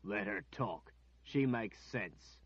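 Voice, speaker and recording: A man doing a gruff, brutish big captor. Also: on the low side, lively intonation, takes it slowly, lo-fi sound, exaggerated voice. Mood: menacing. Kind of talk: audiobook character voice.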